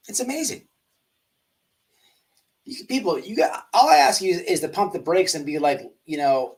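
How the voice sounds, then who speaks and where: A man's voice: a little high, big pitch swings, moderate pace, long pauses, slightly rough. A man hosting a livestream commentary show, rambling and emphatic with many restarts. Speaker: host.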